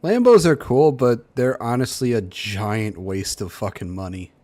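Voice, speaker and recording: A man's voice: mid-range voice, unhurried, darkish tone. A man commenting casually on posts, blunt and dry in his put-downs. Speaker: reaction streamer.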